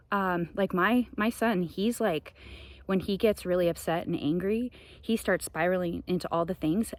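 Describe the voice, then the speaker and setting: A woman's voice: mid-range voice, a little mellow. Passionate woman ranting on a spiritual talk. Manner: passionate, ranting, frequent laughs. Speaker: podcast host. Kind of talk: spiritual monologue.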